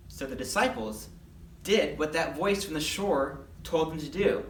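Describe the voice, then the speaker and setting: A speaker telling a Bible story to children in a lively way and acting out the characters' voices. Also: medium pitch, unhurried. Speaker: children's Bible lesson leader. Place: church. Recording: echoey room, mic at a distance.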